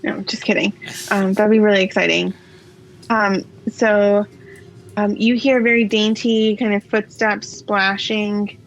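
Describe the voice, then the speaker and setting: A woman running a tabletop game as game master, narrating in a relaxed way with many pauses and fillers. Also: mid-range voice. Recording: slightly dull, faint noise.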